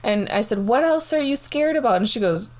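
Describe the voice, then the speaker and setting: She is a woman in her thirties, chatting casually and spinning a long story full of giggles and swearing. Her voice is a touch higher than most and swoops up and down with every turn of the tale. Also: brisk. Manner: animated, giggly, swears freely.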